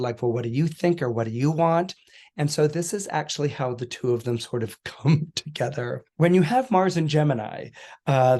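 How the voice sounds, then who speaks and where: This is a middle-aged man with a fairly high voice, explaining astrology in a relaxed podcast chat. He tells little stories, acts out quoted lines and laughs often. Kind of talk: casual explanatory talk.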